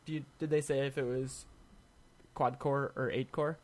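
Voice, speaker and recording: A man co-hosting a podcast, talking tech news in a relaxed, wry way with quick asides. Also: mid-range voice. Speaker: podcast co-host. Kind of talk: casual tech chat.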